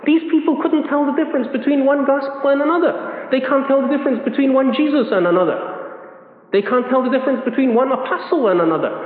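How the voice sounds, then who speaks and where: A man preaches with a high, ringing voice, hammering home repeated phrases. The sound is thin and phone-like. A long hall echo trails every word. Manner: emphatic, repeats key phrases with rising pitch. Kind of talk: sermon. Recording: echoey hall on a tinny lo-fi line.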